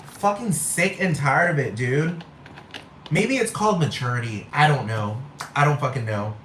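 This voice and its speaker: A man's voice: mid-range voice, animated, normal speed, fairly bright tone, slight background noise. A man giving a blunt, heated, profane rant as a vlogger, repeating his points. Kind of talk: profane ranting monologue. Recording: echoey room.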